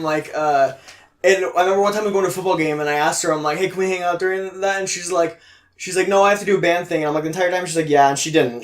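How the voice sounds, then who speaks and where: A young man hosting a casual podcast, rambling through a story with lots of likes and ums. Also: fairly high pitch. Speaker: podcast host. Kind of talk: casual chat. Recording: echoey room.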